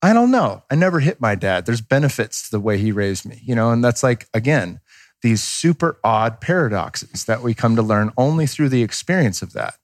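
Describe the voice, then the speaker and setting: A man's voice: medium pitch, animated, normal speed, no room sound, studio quality. A man in his thirties, a podcast guest talking casually and candidly, rambling and swearing freely as he acts out quotes. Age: 30s.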